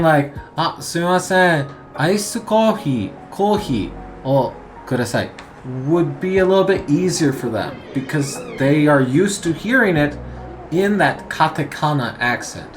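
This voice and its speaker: Slow, relaxed man teaching a lesson. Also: fairly high pitch. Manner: relaxed and explanatory, many "uh"s and pauses. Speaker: Japanese language teacher. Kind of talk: casual spoken lesson.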